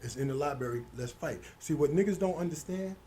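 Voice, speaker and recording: A middle-aged man, telling stories as an interview guest, animated and quick to act out other people's voices. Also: on the high side, a little hiss or hum. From Hollis, Queens, New York. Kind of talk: casual storytelling interview.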